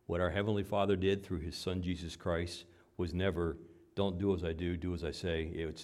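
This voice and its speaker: A man, a father, preaching a sermon. He swings between loud, emphatic lines and quiet, low asides. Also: fairly even intonation, normal speed. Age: adult father. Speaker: pastor.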